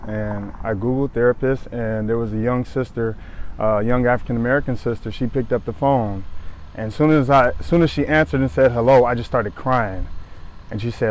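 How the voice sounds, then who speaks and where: A man in his thirties from Southern California who speaks earnestly and haltingly, often repeating phrases as he tells a personal story to the camera. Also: medium pitch. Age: 30s. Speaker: former pro football player sharing his story.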